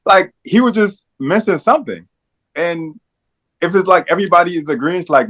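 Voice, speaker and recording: A man's voice: sits high, expressive, brisk, a bit bright. A man in casual podcast chat, rambling with hesitations and acting out what his friends say. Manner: rambling, hesitant, full of acted-out quotes. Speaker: podcast co-host.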